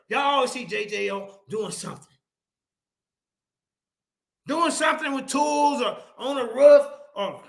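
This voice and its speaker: A man's voice: very high-pitched, bright, forceful tone. A man on an online debate panel, angrily and profanely calling out a rival in a confrontational, repetitive way. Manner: repetitive, emphatic call-outs. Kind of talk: heated online panel argument.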